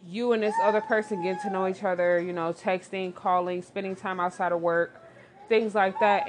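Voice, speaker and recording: A woman, giving blunt, animated relationship advice in casual commentary, talking straight to the listener. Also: medium pitch.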